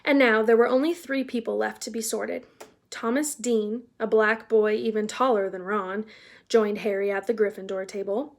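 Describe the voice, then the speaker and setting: A woman reading a children's novel aloud in a casual, chatty way, pausing to explain words for young listeners. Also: mid-range voice, steady tone. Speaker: read-aloud narrator.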